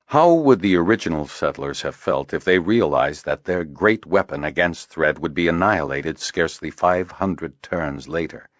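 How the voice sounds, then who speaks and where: A man narrating a fantasy audiobook in a measured storytelling manner. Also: rumbling low, animated, no room sound, highs cut off. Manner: measured storytelling, varied intonation. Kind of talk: scripted narration.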